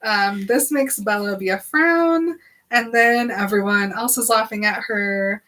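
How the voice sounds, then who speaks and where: A woman co-hosting a podcast, chatting through a novel chapter in a casual, giggly way. She slips into quick mock voices for the characters and laughs between lines. Her voice sits at an ordinary middle pitch. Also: sharp tone. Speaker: podcast co-host. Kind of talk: casual book recap chat.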